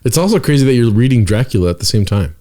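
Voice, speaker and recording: A man's voice: medium pitch, sing-song, racing, warm tone. Joking podcast co-host, a man. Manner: joking, says "dude" a lot. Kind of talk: casual chat.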